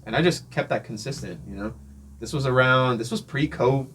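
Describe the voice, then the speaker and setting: A man being interviewed, telling a casual story, animated and acting out the voices of people he met, often laughing. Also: medium pitch, moderate pace, a little hiss or hum. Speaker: interview guest, drummer.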